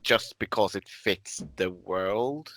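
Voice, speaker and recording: A man's voice: lowish voice, slow pace, fairly bright tone. A man talking through his character ideas as a player, hesitant and full of restarts. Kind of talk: casual tabletop game chat.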